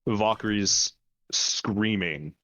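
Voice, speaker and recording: A man narrating as dungeon master of a tabletop game, descriptive and halting, with many fillers. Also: lowish voice, bright, forceful tone, dry recording.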